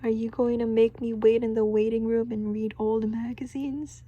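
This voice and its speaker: A woman's voice: on the high side, flat delivery, moderate pace, mellow, highs cut off, lightly acted. A woman reading the lines of a cheerful young male sea sponge from a storybook, in her own plain voice. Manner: read plainly without a character voice. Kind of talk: storybook read-aloud.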